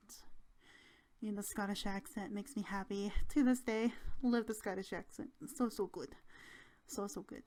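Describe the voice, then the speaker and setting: A woman's voice: mid-range voice, darkish tone. A young woman hosting her channel, chatting casually and giggling through travel stories. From Canada. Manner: chatty and giggly, with many fillers. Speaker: channel host.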